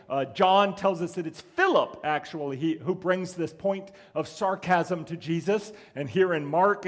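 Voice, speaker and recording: A man preaching a sermon as pastor, asking rhetorical questions and chuckling as he goes. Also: sits high.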